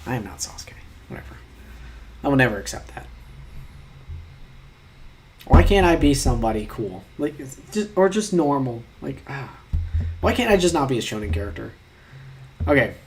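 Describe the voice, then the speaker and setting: A man's voice: mid-range voice, big pitch swings, normal speed, pauses often, a little mellow, a little hiss or hum. A young man chatting casually while taking online quizzes, reading questions aloud and rambling in mock-outraged asides, sometimes muttering.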